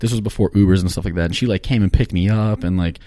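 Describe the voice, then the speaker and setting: A man's voice: low-pitched, fairly even intonation, fast talker, dark tone, no room sound, studio quality. A man chatting casually as a podcast guest, telling rambling, easygoing stories. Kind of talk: casual chat.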